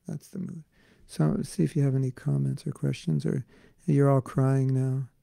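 A man teaching a devotional class in an earnest, conversational way, full of casual fillers, swinging between loud emphasis and soft asides. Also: medium pitch, level tone, moderate pace, vocal fry, no room sound. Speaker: spiritual teacher.

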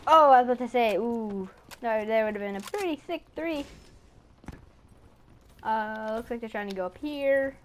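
A gaming YouTuber giving live commentary over a match, chatty and excitable, talking to enemies on screen and screaming when startled. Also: mid-range voice, normal speed, long pauses, slight background noise.

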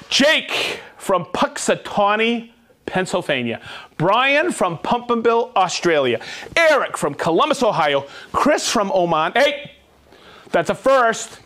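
A man hosting a live tool show, reading out viewer shout-outs in an upbeat, jokey way. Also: high voice. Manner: upbeat, jokey, reads viewer names and places quickly.

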